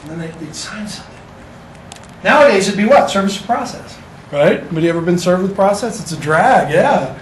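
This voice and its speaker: Casual joking male lecturer, high voice. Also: animated, fairly quick, distant mic, slight background noise. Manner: casual, joking, talks to students. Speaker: teacher. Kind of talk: classroom lecture. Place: classroom. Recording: echoey classroom recorded from afar.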